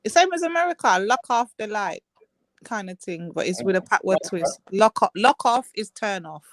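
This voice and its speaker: A woman's voice: medium pitch, very animated, brisk, no echo. A woman hosting a casual online panel, coaching a learner through patois words with coaxing corrections and laughter. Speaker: panel host teaching patois.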